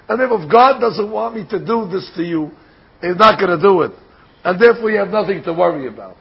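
An older man giving a Torah lecture, speaking in a deliberate, explanatory way and posing rhetorical questions before answering them. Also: sits high, lively intonation, gravelly, slightly rough. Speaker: Torah teacher. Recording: dull lo-fi recording.

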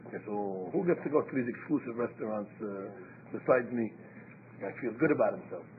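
A man's voice: lowish voice, animated, brisk. A man giving an informal Torah lecture, telling stories and acting out quotes, with Hebrew terms mixed into his English. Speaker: rabbi giving a Torah class. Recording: tinny phone-like line with faint hiss.

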